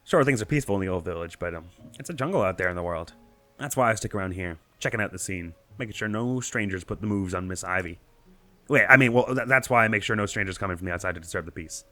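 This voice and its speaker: Dude doing a vain bashful village guy in a game, low mumbly voice, quick talker, faint music. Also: bright, forceful tone. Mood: boastful. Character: lovestruck village man, vain, bashful, evasive. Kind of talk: reading game character dialogue aloud.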